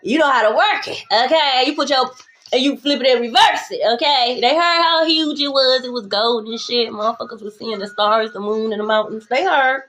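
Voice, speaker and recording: A young adult woman does a casual tarot reading monologue in a high, fairly bright voice at a fairly quick clip. She's blunt, profane and sassy, repeating phrases for emphasis.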